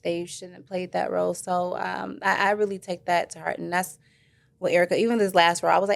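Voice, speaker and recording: A woman actress answering interview questions in a rambling, animated way, acting out what others said to her. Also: on the low side, fairly quick, gravelly. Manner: rambling, animated, acts out quoted voices. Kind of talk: casual interview chat.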